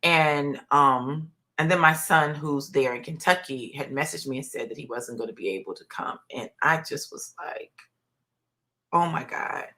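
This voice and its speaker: A woman's voice: low voice, normal speed, bright, forceful tone. A woman in her fifties giving a heartfelt personal testimony on a live stream, talking in a conversational, preacher-like way with many fillers. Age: 50s. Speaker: minister.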